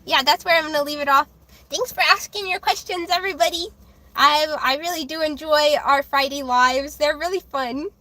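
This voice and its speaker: A woman's voice: high voice, moderate pace, sharp tone. A woman tarot reader chatting casually on her live stream. She talks bluntly and defensively, with lots of fillers and restarts.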